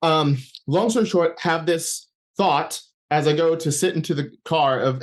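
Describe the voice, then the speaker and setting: A man's voice: on the high side, a little slow. A man as an interview guest, giving a personal faith testimony in a rambling storytelling way, with frequent restarts and acted-out thoughts.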